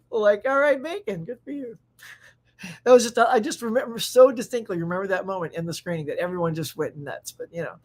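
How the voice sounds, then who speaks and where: Man doing excitable pop culture stream host, rambling chat with lots of restarts. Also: sits high. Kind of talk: casual live-stream chat.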